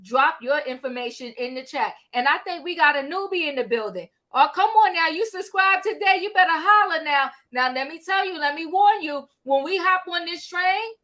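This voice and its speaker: A woman hosting a casual live-stream talk show, animated and calling out to her viewers. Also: extremely high pitch. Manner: animated, calls out to viewers, drawn-out exclamations. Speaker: livestream host.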